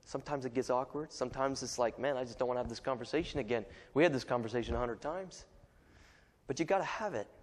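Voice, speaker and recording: A man's voice: fairly high pitch, in a large hall, a little hiss or hum. A man preaching a sermon in a casual, joking way, acting out little asides and voices as he goes.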